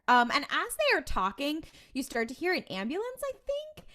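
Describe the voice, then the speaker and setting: A woman's voice: high-pitched, moderate pace. A woman co-hosting a podcast, recapping a TV episode in casual chat and acting out the characters' lines. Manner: animated storytelling with quoted voices and laughs. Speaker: podcast co-host.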